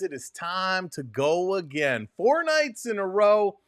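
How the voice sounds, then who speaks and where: A man's voice: high voice, big pitch swings, slow, hardly any pauses, no room sound, clean studio sound. A man hosting a live hockey watch-along stream, greeting chat viewers by name in an upbeat, casual way. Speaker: sports stream host.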